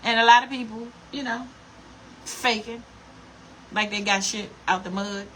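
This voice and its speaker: A woman's voice: a little high, fairly even intonation, a little slow, pushed and bright, slight background noise. A woman vlogger ranting to her camera in a blunt, profane, scolding way. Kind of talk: casual rant to camera.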